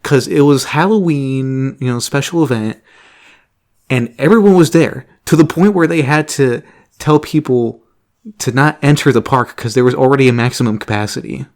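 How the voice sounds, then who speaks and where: A man's voice: mid-range voice, normal speed, darkish tone. A young man telling a rambling, casual story, laughing often and swearing freely. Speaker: vlogger.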